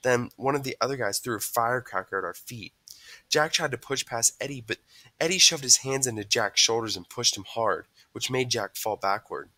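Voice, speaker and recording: A man's voice: medium pitch, normal speed, sharp tone, dry recording. A man reading a novel aloud, telling the story expressively and voicing each character. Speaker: reader.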